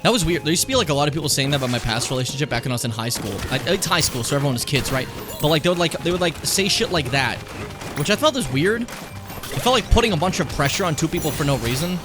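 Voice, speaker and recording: A young man casually commenting on his gameplay, rambling and swearing, with sudden high excited yelps. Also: quick pace. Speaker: streamer. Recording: game music playing behind the voice.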